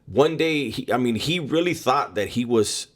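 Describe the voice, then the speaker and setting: A man casually recounting a personal story, halting often with ums and repeated words in an unhurried, conversational delivery. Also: mid-range voice, expressive. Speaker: storyteller recounting prison experiences.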